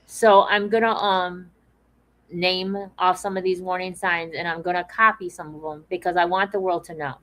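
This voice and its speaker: Low-voiced woman hosting, emphatic. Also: fairly even intonation, normal speed, a bit bright, rough recording. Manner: emphatic, repeats phrases for weight. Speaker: podcast host. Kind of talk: earnest awareness talk.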